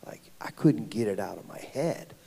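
A man giving a personal testimony at a ministry gathering, telling his story in a casual, slangy way, swinging between loud and whispered. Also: on the low side, expressive, moderate pace, vocal fry, slightly rough. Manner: casual, slangy storytelling with frequent 'like' and 'dude'. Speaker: guest speaker at ministry event.

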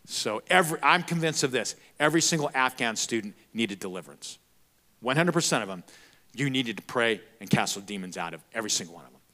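A man preaching a sermon, telling a story in an animated, emphatic way. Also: mid-range voice, fast talker.

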